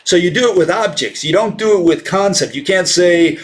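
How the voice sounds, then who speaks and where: Blunt, halting man lecturing. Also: high voice, lively intonation. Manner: blunt, dismissive of rival theories, rhetorical questions; halting, many fillers and restarts. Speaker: science lecturer. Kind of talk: informal explanatory lecture.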